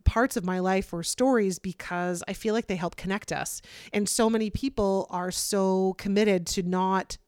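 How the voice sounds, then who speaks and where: A woman's voice: medium pitch, darkish tone, clean tone, no echo, clean studio sound. A woman hosting a solo podcast, talking openly and without filter in a conversational way with frequent fillers. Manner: open, unfiltered, conversational with many fillers. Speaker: podcast host. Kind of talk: candid solo podcast monologue.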